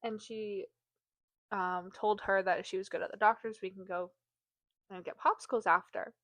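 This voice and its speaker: A woman's voice: medium pitch, moderate pace, no echo. A woman co-hosting a book podcast, retelling a plot in a chatty way with lots of fillers. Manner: chatty, heavy use of "like", animated when acting out quotes. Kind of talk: casual chat, retelling a plot.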